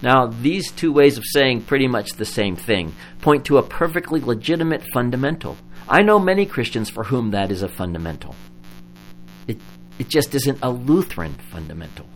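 A male pastor delivers a Lutheran sermon in an earnest, storytelling manner, with an ordinary middle pitch. A faint mains hum sits under his voice. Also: moderate pace, rough recording. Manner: earnest storytelling, lively when recounting a story.

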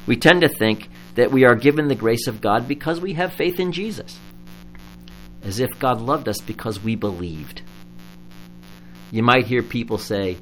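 A man's voice: mid-range voice, normal speed, slight background noise, poor audio. A man preaching a sermon as a Lutheran pastor, explaining doctrine and telling a story in an earnest way. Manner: earnest storytelling, lively when recounting a story.

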